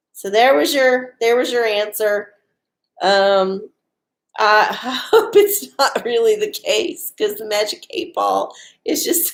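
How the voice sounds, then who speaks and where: A woman's voice: on the high side, vocal fry. A woman hosting a casual livestream from home, chatty and profane, often laughing. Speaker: livestream host doing oracle readings. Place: home with dogs.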